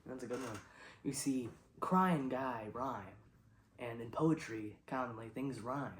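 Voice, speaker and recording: A man hosting an absurdist comedy show, rambling in a deadpan way with sudden loud outbursts. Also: medium pitch, measured pace, echoey room, a little hiss or hum, rough recording.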